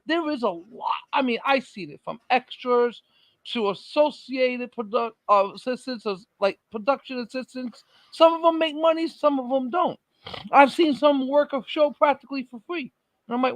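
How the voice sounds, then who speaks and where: A man chatting casually as a podcast co-host, animated and telling stories by acting out the conversations he quotes. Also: very high-pitched, moderate pace, dry recording, poor audio. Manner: animated storyteller, acts out quoted exchanges. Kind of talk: casual chat.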